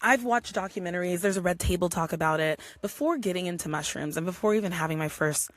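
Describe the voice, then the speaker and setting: A young adult woman hosting her own podcast, telling a personal story in a chatty, animated way and acting out quotes. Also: lowish voice, fast talker, no room sound, clean studio sound. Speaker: podcast host. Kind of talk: casual solo podcast storytelling.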